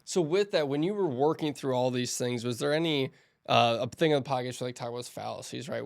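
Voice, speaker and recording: A man's voice: mid-range voice, vocal fry. Chatty male podcast host. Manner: animated, acts out quoted voices, rambling. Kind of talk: casual podcast conversation.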